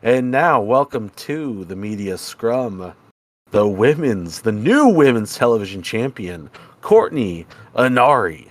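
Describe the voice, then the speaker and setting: A man's voice: medium pitch, very animated, takes it slowly, dry recording. A man voicing a show announcer who introduces the next guest in a dry, sardonic way. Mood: wry.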